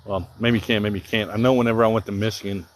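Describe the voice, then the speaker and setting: A man with a mild Southern accent talks in a low, easygoing voice and rambles casually while he fishes. He thinks aloud and answers viewers on a live stream outdoors. Crickets chirp faintly in the background. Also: fairly even intonation, rapid-fire. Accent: Southern American. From Southern Illinois. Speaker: livestreaming angler. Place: outdoors by the water.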